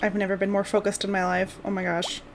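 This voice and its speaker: A woman's voice: mid-range voice, completely flat delivery, fast, slight background noise. A woman streamer giving bubbly, giggly live commentary while playing a game. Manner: bubbly, giggly, says y'all.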